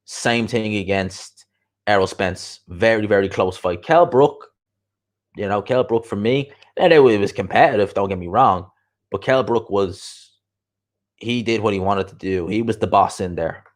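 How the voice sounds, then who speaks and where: Guy with a lowish voice just chatting, opinionated, says stuff twice to hammer it home. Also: measured pace. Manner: opinionated, repeats phrases for emphasis. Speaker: boxing show host reading viewer comments. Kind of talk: casual livestream chat.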